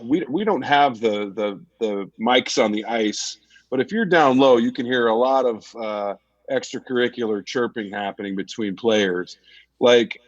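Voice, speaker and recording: A male host asks long, winding questions with frequent restarts. His voice sits mid-pitch. The audio is dry and a little dull and lo-fi. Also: dry recording. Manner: hesitant, restarts while asking long questions. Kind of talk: casual chat.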